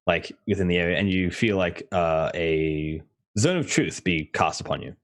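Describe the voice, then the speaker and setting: Man, deep voice, game master, rambling narration, lots of fillers. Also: animated, normal speed. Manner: loose and rambling, many fillers.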